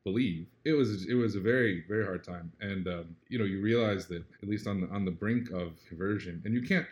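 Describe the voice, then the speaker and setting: Man, low voice, interview guest, earnest, reflective, casual conversation. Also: fairly quick. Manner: reflective, earnest, often asks "right?"; animated when retelling a story.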